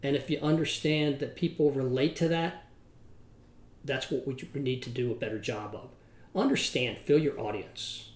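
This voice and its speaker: A man's voice: medium pitch, moderate pace. A middle-aged man hosting a podcast, telling a story in a folksy, emphatic way. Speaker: podcast host. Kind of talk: podcast monologue with a told joke. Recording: roomy echo.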